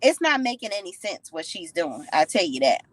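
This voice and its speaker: A woman giving a casual recap of a TV episode, sassy and opinionated, retelling scenes with animated commentary. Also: lowish voice, moderate pace, no room sound, poor audio. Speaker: TV show recap reviewer.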